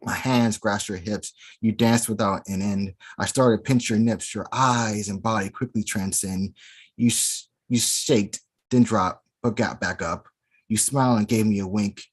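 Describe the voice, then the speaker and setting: A man recites his spoken word poetry at an online open mic. His voice sits fairly low, and his delivery is theatrical, slow and deliberate. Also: fairly even intonation, husky. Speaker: poet performer.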